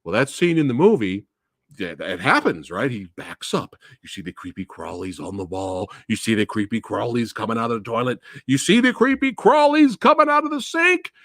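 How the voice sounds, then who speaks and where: Animated, profane man ranting about a movie. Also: mid-range voice, moderate pace, dry recording, clean studio sound. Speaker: movie reviewer host. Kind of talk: ranting live stream review.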